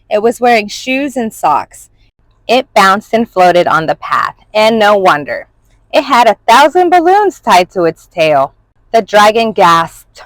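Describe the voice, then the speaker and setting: A woman reading a children's storybook aloud in an expressive, animated way. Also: mid-range voice, a little slow, dry recording, low-quality recording. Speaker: storybook reader.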